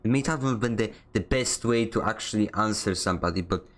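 A man's voice: fairly low pitch, a little fast, fairly bright tone. A man streaming a video game, chatting casually in a rambling, joking way, often stammering and restarting his sentences. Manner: joking, self-mocking. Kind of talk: casual chat while gaming.

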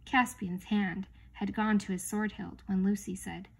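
A woman reading a children's novel aloud at a measured pace, with small slips and restarts. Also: medium pitch, steady tone, creaky, husky, rough recording. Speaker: reader.

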